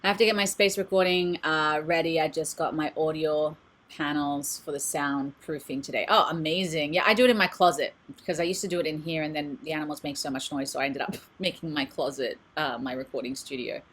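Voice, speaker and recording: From a closet she has converted into a home studio, a woman who hosts a meditation channel and reads oracle cards does an informal live-stream session. Her voice sits low, with a steady, brisk, slightly bright tone, as she chats openly and reads messages aloud.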